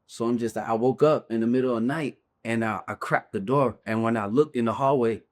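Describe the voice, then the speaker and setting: A man's voice: medium pitch, a little fast. A man, a bare-knuckle fighter, earnestly recounting a painful memory as a podcast guest, often checking in with his listener. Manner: earnest, urgent retelling, often checks in with "you feel me". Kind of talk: personal storytelling in a podcast interview.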